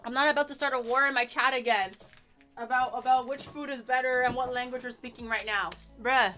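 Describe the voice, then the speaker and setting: A young woman from Canada, chatting casually on a stream while tasting snacks, excitable and swearing lightly. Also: sits high, fairly quick, faint music behind.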